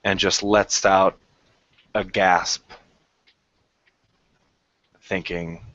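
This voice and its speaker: A man telling his character's moments in a tabletop game, in slow, descriptive storytelling. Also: on the low side, a bit bright, no echo. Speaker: player. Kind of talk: tabletop role-play narration. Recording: dull lo-fi recording.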